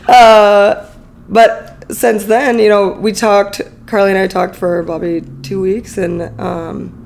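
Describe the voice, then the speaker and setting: A woman's voice: medium pitch, little pitch movement, takes it slowly, creaky, darkish tone, a little hiss or hum. A woman in her thirties, a podcast guest, telling a personal story candidly in a chatty, emotional way full of fillers.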